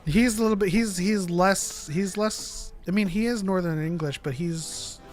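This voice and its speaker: A man's voice: sits high, a little slow, soft background music. Playful male podcast co-host. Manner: playful, laughs often, restarts a lot. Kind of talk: casual chat.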